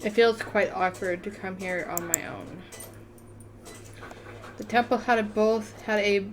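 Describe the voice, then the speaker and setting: A woman reading the text of a story game aloud in a casual let's-play manner, often tripping over words and correcting herself. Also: mid-range voice. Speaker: gamer reading a visual novel aloud.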